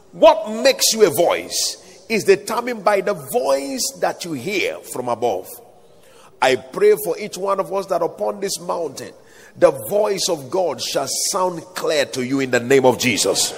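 Here a man preaches in a slightly high, sing-song voice at normal speed, creaky in texture, with a long reverb tail behind him. He quotes scripture in old-style King James wording and urges the crowd to answer with amen.

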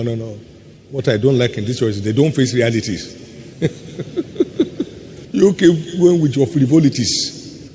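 A man preaching to a congregation, pressing hard on slow, weighty words and then rushing through quick asides. His voice sits mid-range for a man and carries a long reverb, with a faint hum of ambience underneath. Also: mid-range voice, dark tone. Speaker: pastor. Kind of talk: sermon.

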